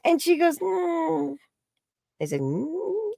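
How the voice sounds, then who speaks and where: A woman, an energy healer and psychic, telling a story in an interview and acting out the quoted dialogue in a higher voice. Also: lively intonation, moderate pace, vocal fry, no room sound. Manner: acts out quoted dialogue with high bright voices.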